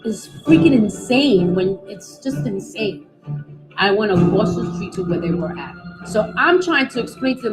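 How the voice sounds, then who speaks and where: A middle-aged woman giving a candid, halting personal testimony as a guest, often restarting her sentences. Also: medium pitch, lively intonation, rough recording. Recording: music playing behind.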